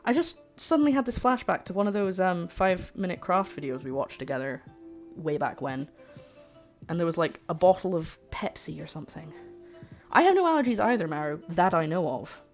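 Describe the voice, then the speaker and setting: Talking to her chat as she cooks, the Scotland-based streamer stays chatty and jokey, often making fun of herself. She speaks a little fast in a lowish voice with lively intonation, and soft music plays in the background.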